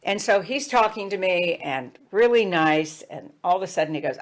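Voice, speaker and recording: A woman with a notably low-pitched voice recounts her own life in a loose, conversational way. She talks frankly and pokes fun at herself, with plenty of "uh" and "you know" as she goes. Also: moderate pace, hardly any pauses. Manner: conversational, animated, with frequent fillers and restarts; frank and self-deprecating. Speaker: speaker sharing a personal story. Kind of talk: candid personal storytelling.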